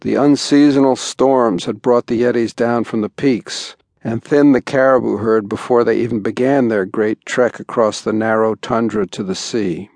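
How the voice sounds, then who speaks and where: A man narrating an audiobook in an even, understated way, recorded in a studio. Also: mid-range voice, normal speed, hardly any pauses, dry recording. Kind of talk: scripted narration.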